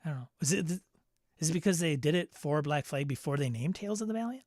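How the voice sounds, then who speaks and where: A man's voice: a little high, lively intonation, fast talker, a little mellow, dry recording, clean studio sound. A man hosting a casual show, reading out product listings and riffing on them with asides and laughs. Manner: chatty, reads listings then riffs with laughs and asides. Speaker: podcast host. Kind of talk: casual solo news rundown.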